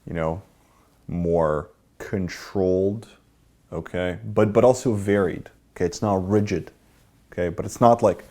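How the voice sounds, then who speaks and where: A man's voice: low-pitched, fairly even intonation, unhurried, dark tone. A man teaching a dating workshop, lecturing and checking in with "okay?" and "right?" after his points. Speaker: dating coach.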